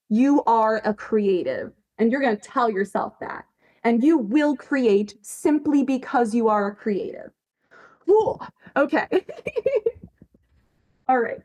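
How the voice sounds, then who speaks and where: A woman chatting casually on a livestream, emphatic, swearing freely and laughing often as she answers her chat. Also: high-pitched. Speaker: fanfiction writer on a livestream.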